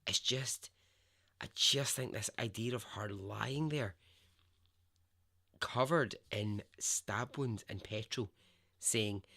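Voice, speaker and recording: A man's voice: fairly low pitch, pushed and bright. A man hosting a podcast, telling a true story in a conversational, emphatic way and swearing freely. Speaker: podcast host.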